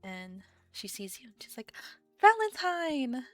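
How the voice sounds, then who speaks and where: A woman's voice: mid-range voice, takes it slowly, soft background music. Woman narrating as game master. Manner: casual, chatty narration.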